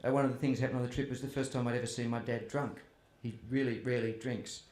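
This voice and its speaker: A man with a level, slightly mellow mid-range voice talks fast, entertaining a festival audience with comic stories about his family. Self-deprecating and chatty, the author is captured in a roomy hall or tent with faint ambience.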